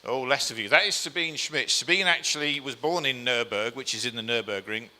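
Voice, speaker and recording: At a fairly quick clip, a man with a medium-pitched, sharp-toned voice chats through slides for a live audience. He's self-deprecating, says um often, and keeps asking the crowd questions. The event hall produces a long reverb.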